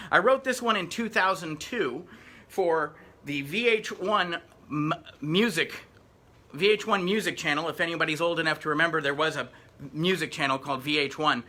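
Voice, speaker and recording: A man's voice: a little high, sharp tone. A middle-aged man, a rapper chatting upbeat between songs during a live-streamed performance. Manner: chatty, upbeat stage patter.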